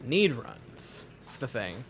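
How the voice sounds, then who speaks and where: A young man chatting casually at a home watch party, giving a nervous, excitable running commentary on a baseball game. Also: mid-range voice, slow, creaky, a little hiss or hum. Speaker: host. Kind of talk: casual chat.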